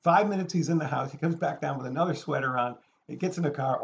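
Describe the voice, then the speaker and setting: A man telling a personal anecdote in a lively way, acting out the people in it. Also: on the high side, fast talker, creaky, muffled recording. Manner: animated, acts out the people in his story. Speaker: storyteller. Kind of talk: anecdote told aloud.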